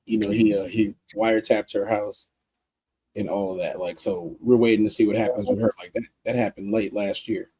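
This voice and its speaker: A man hosts a livestream in a relaxed, loose way, talking straight to chat. His voice is mellow and slightly husky. The sound is dry and a bit dull. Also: lowish voice, normal speed, no room sound. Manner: loose, talks straight to chat, lots of fillers. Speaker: livestream host.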